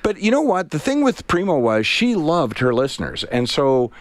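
A man's voice: a little high, huge pitch swings, moderate pace, no room sound. Man in his fifties, radio host, rambling storyteller, dry close studio mic. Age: 50s. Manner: rambling storyteller, self-deprecating asides. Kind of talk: casual on-air chat. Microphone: studio mic with headset.

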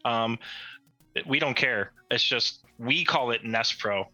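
A man's voice: medium pitch, takes it slowly, pushed and bright, dry recording, highs cut off, soft background music. A man co-hosting a podcast, explaining things casually and repeating his words. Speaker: podcast cohost, magazine editor. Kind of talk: casual chat.

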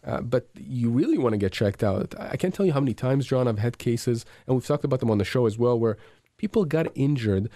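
Man, lawyer on radio, earnest, stammering restarts, mellow dark voice, dry studio sound. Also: medium pitch, animated, fairly quick, no echo. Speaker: insurance and injury lawyer. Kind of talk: radio talk show advice.

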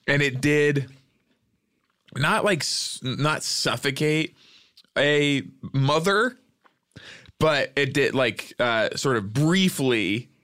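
Man, podcast co-host, deadpan, ironic, rambling, mid pitch, dry close mic. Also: slow pace, long pauses, dry recording. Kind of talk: deadpan comedic banter.

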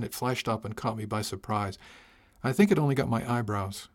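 A man's voice: on the low side, fairly quick. Man narrating with dry command. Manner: dry, commanding captain's dialogue. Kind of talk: first-person audiobook narration.

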